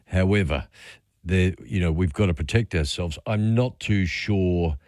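Australian host, lowish pitch, dry studio mic, relaxed rambling talkback delivery. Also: male voice, a little slow, no echo. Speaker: radio host. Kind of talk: talkback radio chat. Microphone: studio microphone.

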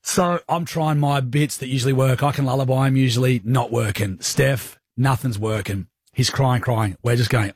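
Man, Australian accent, husky breathy voice, animated storyteller, casual co-host banter, dry close studio sound. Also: mid-range voice, moderate pace, few pauses, no room sound.

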